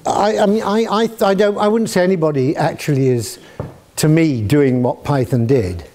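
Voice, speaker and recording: A man's voice: fairly high pitch, moderate pace, mellow. Older man chuckling through anecdotes. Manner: chuckling, acts out quoted voices. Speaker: guest answering student questions. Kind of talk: anecdotal Q&A storytelling. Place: university lecture hall.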